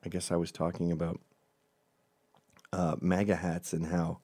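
A man's voice: low voice, completely flat delivery, moderate pace, warm tone. A middle-aged man from Scotland telling a crude, rambling comic story at home at night.

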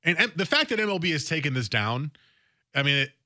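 Male sports talk host, bright tense voice, dry studio mic, chatty and animated with frequent restarts. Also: fairly high pitch, quick pace, no echo. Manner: conversational, animated, often restarts phrases. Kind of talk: casual sports talk radio monologue. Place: radio studio.

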